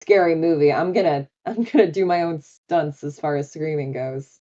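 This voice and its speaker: A woman's voice: low-pitched, moderate pace, dark tone, dull audio. A woman voice actor as a guest on a live interview chat, talking in a bubbly, enthusiastic way with many fillers.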